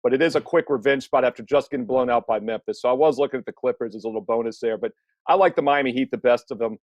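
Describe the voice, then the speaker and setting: A man on a betting panel giving his pick, talking through numbers and trends quickly. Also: medium pitch, no room sound, dull audio. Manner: quick, numbers-heavy, chatty. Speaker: sports handicapper panelist.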